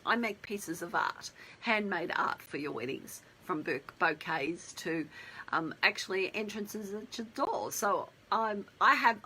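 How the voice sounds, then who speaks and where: Husky, bright-voiced woman wedding planner. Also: medium pitch, poor audio. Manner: chatty, rambling with asides and restarts. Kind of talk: casual storytelling.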